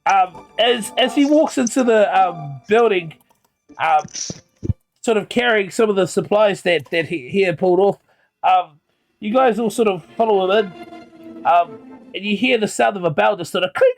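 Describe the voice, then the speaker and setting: High-voiced, slow game master. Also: male voice, expressive, gravelly, soft background music. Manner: halting, filler-heavy narration. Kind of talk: narrating a tabletop game.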